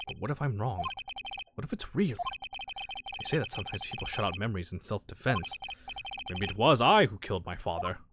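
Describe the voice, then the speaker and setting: A man voicing a cold, brooding male prosecutor in a video game, speaking low and gravely. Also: expressive, a little fast, pauses often, very noisy, lightly acted. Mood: haunted. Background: game music.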